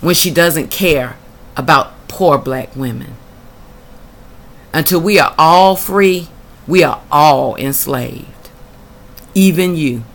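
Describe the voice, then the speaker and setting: A woman with a low-sitting voice speaks slowly, pausing often, as she reads documents from her own housing case as the tenant and responds to them bluntly and indignantly.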